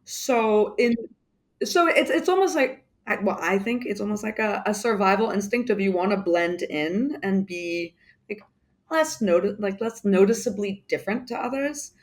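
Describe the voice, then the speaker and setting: A woman with a mixed English accent talks loosely as an interview guest, circling her points with plenty of fillers and restarts. Her pitch sits in an ordinary middle range, and the delivery stays casual and unscripted. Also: expressive, moderate pace. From United Kingdom. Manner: rambling, many fillers and restarts. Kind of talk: casual conversation.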